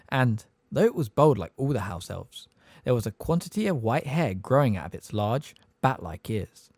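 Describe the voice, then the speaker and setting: A man narrating an audiobook with expressive storytelling. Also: medium pitch, dry recording. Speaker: audiobook reader.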